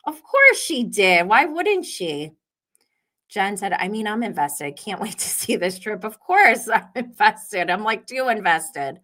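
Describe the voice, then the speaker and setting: A young woman hosting a live recap show, talking in an unhurried way and often breaking into giggles. Her pitch swings widely, rising and falling as she reacts. She reads viewer comments aloud between her own remarks. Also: big pitch swings, sharp tone. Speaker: host.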